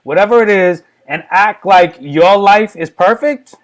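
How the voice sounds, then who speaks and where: A man's voice: high voice, unhurried. A man guesting on a casual podcast, talking candidly and rambling, often repeating words.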